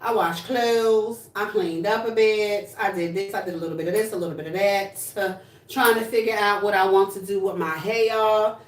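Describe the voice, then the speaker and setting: Blunt, sassy woman livestreaming, mid-pitched, standing back from the mic in an echoey room. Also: steady tone, moderate pace, far from the mic, a little hiss or hum. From New Jersey. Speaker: livestream host. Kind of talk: casual livestream chat. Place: home room, indoors.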